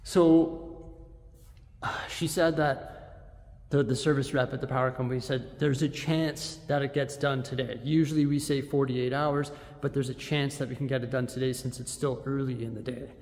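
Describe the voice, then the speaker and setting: A man's voice: mid-range voice, fairly even intonation, moderate pace, a little mellow. A man vlogging to a handheld camera, rambling and exasperated as he talks straight to his viewers. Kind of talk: casual vlog. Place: empty building with reverb, later a big store. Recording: echoey room with a long reverb tail.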